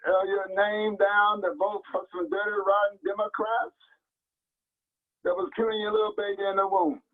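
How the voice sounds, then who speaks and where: High raspy preacher guy, fiery sermon, sounds like a tinny old radio. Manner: preaching in rhythmic repeated cries, swinging high and low. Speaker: bishop preaching. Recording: tinny phone-like radio broadcast.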